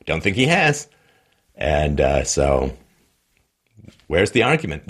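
A man's voice: very deep voice, big pitch swings, slow pace, long pauses, fairly bright tone, husky. A man giving a solo political commentary in a sarcastic, mocking way, with frequent laughs.

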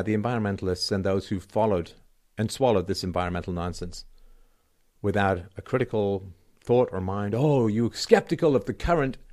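A middle-aged man hosting his own show, delivering a sarcastic, emphatic solo commentary that swings between loud and quiet. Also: mid-range voice. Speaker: show host. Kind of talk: solo political commentary rant.

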